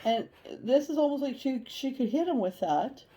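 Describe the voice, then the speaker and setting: A woman giving a casual tarot reading, chatty and animated, blunt, and she swears now and then. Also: high-pitched, moderate pace, poor audio. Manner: chatty and animated, acts out inner voices. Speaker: tarot reader.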